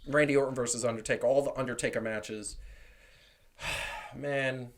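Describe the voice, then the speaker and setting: A man's voice: medium pitch, steady tone, a little slow. A man co-hosting a podcast who talks emphatically and repeats himself, in casual chat. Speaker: podcast co-host.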